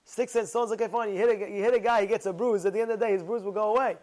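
A man giving an animated sermon, telling stories, repeating words and using Hebrew terms. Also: high voice, rapid-fire. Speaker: rabbi giving a Torah talk.

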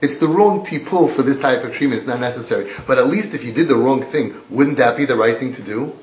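A man's voice: medium pitch, fast talker. Emphatic man giving a religious lecture. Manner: emphatic, repetitive, quoting religious texts. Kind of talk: sermon-style lecture. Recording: roomy echo.

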